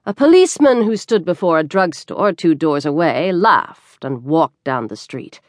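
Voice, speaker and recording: A woman narrating a classic short story as an audiobook, with expressive, lively storytelling. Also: low voice, unhurried, no room sound, clean studio sound.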